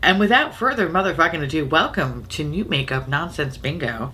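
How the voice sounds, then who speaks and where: A young woman, sick and nasal from a sinus infection, hosting a casual makeup chat, animated and profane and laughing often. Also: low-pitched, fairly quick, few pauses, a faint crowd. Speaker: makeup video host.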